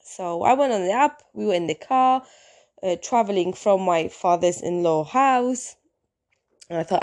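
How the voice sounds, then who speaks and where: Solo female podcaster, casual storyteller who waffles and self-corrects, mid-pitched. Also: unhurried, a little mellow. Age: adult, in a long-term relationship. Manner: rambling, chatty, self-interrupting. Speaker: podcast host.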